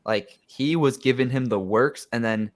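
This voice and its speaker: A man on a podcast, giving a measured, thoughtful take in casual chat. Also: medium pitch. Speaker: podcast guest.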